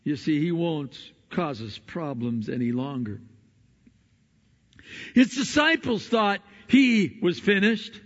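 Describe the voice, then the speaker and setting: A male pastor preaching a sermon in earnest tones, moving between hushed passages and emphatic ones. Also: fairly high pitch, sing-song, slow. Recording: dull sound in a reverberant hall.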